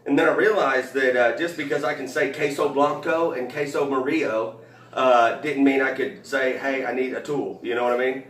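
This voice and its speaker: A man's voice: medium pitch, fairly even intonation, moderate pace, fairly bright tone. A man telling stand-up stories in a rambling way, with many fillers and restarts. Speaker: comedian. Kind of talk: stand-up storytelling. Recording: roomy, from a distance.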